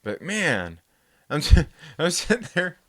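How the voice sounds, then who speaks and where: A man hosting a casual chat, rambling and animated as he tells a story, swearing freely and acting out the people in it. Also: a little high, takes it slowly, no echo, studio quality. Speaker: host.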